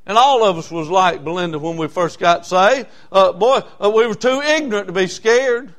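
A man's voice: high-pitched, moderate pace, a bit bright. A man pastor, preaching a sermon in church, emphatic and repetitive with frequent fillers.

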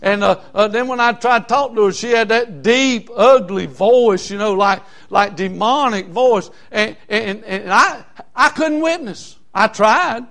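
Preacher, male, high-pitched, fervent and filler-heavy sermon delivery. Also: unhurried, few pauses, a bit bright. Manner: fervent, repetitive, many fillers.

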